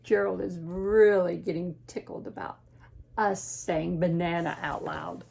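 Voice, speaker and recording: A woman teacher reading a picture book aloud to children, gently pointing things out and asking them questions. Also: lowish voice, measured pace, gravelly, a little hiss or hum. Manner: gentle, questions and asides to young listeners.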